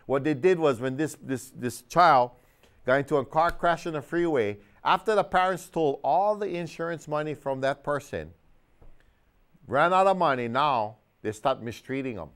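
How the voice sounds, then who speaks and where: Man, TV minister, impassioned sermon, emphatic, smooth resonant voice. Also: animated, moderate pace. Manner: impassioned, emphatic preaching with big swings in pitch and loudness. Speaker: minister and TV host. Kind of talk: televised sermon.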